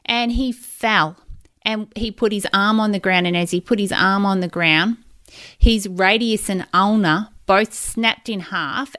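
A woman in her forties talks through her own stories on a podcast, open and emotional, circling back as she goes. Her voice is smooth and clear, her pace unhurried. The recording is dry and close, with no room sound around her. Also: medium pitch, a bit bright, no room sound. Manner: candid, emotional, rambling storytelling. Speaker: podcast host. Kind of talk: personal podcast monologue.

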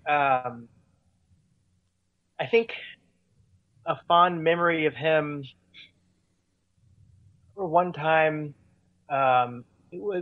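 Phone-quality, dry audio carries a fairly high-pitched man's voice as he tells stories as a touring musician guest in an interview. His casual storytelling rambles, full of fillers and restarts.

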